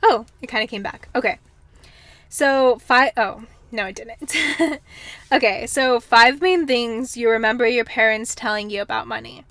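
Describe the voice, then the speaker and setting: A woman's voice: fairly high pitch, moderate pace, fairly bright tone, dry recording. A young woman hosting a casual solo podcast, reflecting candidly and chattily, her voice slightly worn as if she is losing it. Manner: chatty, candid, frequent ums and kinda. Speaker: podcast host.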